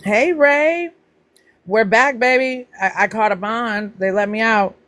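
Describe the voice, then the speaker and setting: Woman chatting on her live stream, greets folks by name, goes up high and playful. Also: normal speed, fairly bright tone. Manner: pitch jumps up high when greeting people. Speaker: livestream host. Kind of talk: casual livestream chat with viewers.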